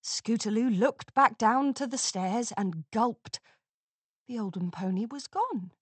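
A woman narrating a children's storybook in an expressive, unhurried reading. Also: a little high, slightly rough, no room sound.

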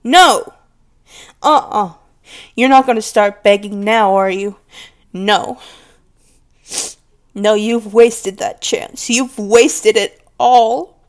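A possessive, volatile mistress, played by a woman in an audio role-play, speaking straight to the listener. She talks slowly and deliberately, domineering and scornful, and slips now and then into hushed whispers. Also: medium pitch, fairly even intonation, lightly acted. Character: possessive, volatile woman scolding her pet.

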